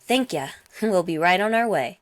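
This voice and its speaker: A woman voicing a bold young woman with pointed ears who gasps and talks quickly. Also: fairly low pitch, animated, no room sound, natural voice. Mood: nervous. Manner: gasping, quick, indignant.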